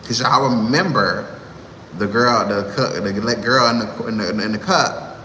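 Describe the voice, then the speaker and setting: A man in his thirties vents in a sassy, exasperated rant. His voice is bright and pointed. A roomy space with a long reverb tail and faint background noise carries it. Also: fairly low pitch, measured pace. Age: 30s. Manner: sassy, exasperated ranting with laughs. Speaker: vlogger. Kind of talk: heated monologue to camera.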